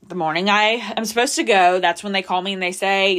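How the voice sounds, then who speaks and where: A woman hosting a podcast opens up with emotion about personal struggles, sometimes nearly crying as she confides. She talks fairly quickly with few pauses, in a mid-range voice that is fairly bright with fairly even intonation.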